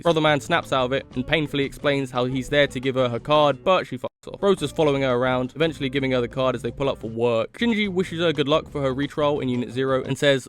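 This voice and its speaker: A man's voice: medium pitch, fast talker, hardly any pauses. A man narrating a comedic recap in a profane, slangy, wisecracking voice-over.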